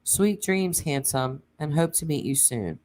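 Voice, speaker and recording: A woman hosting a true crime channel, reading text messages aloud in a plain way, with pauses and casual asides. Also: low voice, animated, darkish tone.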